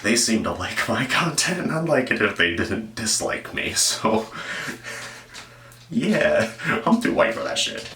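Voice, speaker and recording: A man's voice: on the low side, sing-song, a little slow, pushed and bright, recorded from a distance, a little hiss or hum. A man hosting casual true-crime commentary, rambling and profane and often breaking off mid-sentence. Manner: meandering, profane, self-interrupting. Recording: echoey room, voice off-mic.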